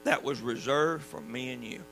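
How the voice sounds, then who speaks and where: A man with a Southern US accent preaching a sermon in a folksy, emphatic way, dropping suddenly to quiet. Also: mid-range voice, moderate pace, gravelly, rough recording. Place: church. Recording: mains hum underneath.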